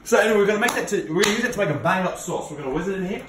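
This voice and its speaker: A man's voice: high voice, expressive, racing. A man playing a jolly, bumbling male innkeeper doing a comic cooking tutorial, chummy and rambling, calling everyone mate and love, in a home kitchen. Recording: echoey kitchen with background noise.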